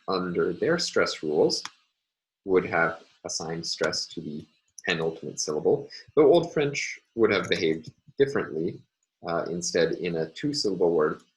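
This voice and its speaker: A man's voice: sits low, slight background noise, low-quality recording. A man giving a recorded university linguistics lecture, explaining carefully with many ums and uhs.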